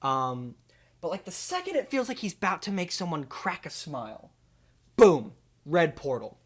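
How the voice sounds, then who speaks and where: A young man hosting a comedy video, pitching an absurd movie in a rambling, deadpan way full of fillers. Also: normal speed, slightly rough.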